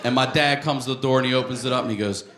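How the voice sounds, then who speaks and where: A man telling a stand-up story with animated delivery, recorded live in an echoey room with audience laughter. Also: medium pitch, racing, over a noisy crowd, heavy background noise. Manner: animated, shouts in acted quotes, audience laughter. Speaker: stand-up comedian.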